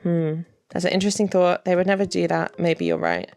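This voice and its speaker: A woman's voice: lowish voice, sing-song, a little fast, creaky, darkish tone, no room sound. A woman giving chatty commentary on game dialogue, laughing often and adding wry asides. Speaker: video creator.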